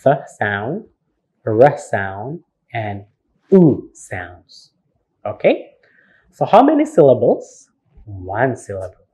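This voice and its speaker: An Indonesian man lecturing to camera, spelling out each word and repeating it with rhetorical questions. His voice is slightly husky and he speaks slowly, with a lively, swinging pitch. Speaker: university lecturer. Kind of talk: recorded online lecture.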